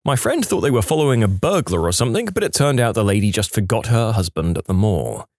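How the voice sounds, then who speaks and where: A man reading reddit stories aloud, telling them with lively storytelling and brief put-on voices for quotes. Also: on the low side, quick pace, no room sound, clean studio sound. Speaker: story narrator.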